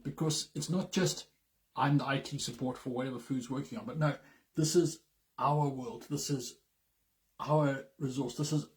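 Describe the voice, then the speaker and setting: A man with a Zimbabwean English accent and a mid-pitched voice, co-hosting a casual conversation with his wife. He talks in an earnest, reflective way, thinking aloud, with a dry sense of humour running underneath. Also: steady tone, normal speed. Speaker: co-host, business partner. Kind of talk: casual chat.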